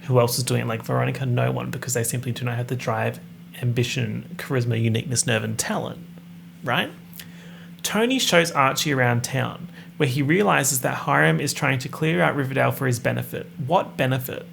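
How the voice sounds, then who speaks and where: Wry gravelly-voiced man. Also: medium pitch, brisk, fairly bright tone, a little hiss or hum. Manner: sarcastic, wry asides while reading a plot summary. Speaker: podcast host. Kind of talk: casual podcast recap.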